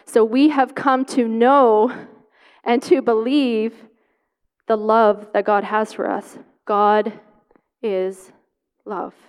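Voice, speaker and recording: A woman's voice: on the high side, flat delivery, slow, long pauses, clean tone. A woman preaching a sermon, reading scripture and telling a personal story, stressing words by repeating them. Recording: long hall reverb.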